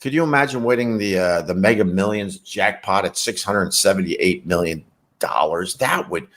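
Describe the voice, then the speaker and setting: A man's voice: low voice, normal speed, a bit bright. A man hosting a casual livestream, reading chat messages and rambling wryly with casual swearing. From New York.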